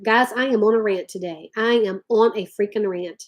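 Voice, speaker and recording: A woman's voice: mid-range voice, moderate pace, few pauses. A woman ranting to her viewers. She talks emphatically and drawls "y'all" often. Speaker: vlogger talking to live chat. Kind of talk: impassioned rant to viewers.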